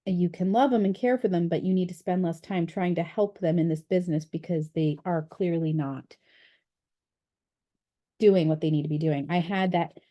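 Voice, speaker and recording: A woman's voice: lowish voice, fairly even intonation, moderate pace, warm tone, dull audio. A woman leading a book study group over a video call, talking in a chatty, candid way with frequent fillers. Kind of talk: casual group discussion.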